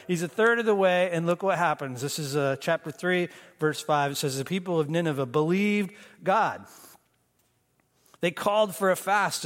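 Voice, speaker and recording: Male pastor, high voice, dynamic sermon delivery, reverberant church hall. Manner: dynamic preaching, swings between emphatic and hushed.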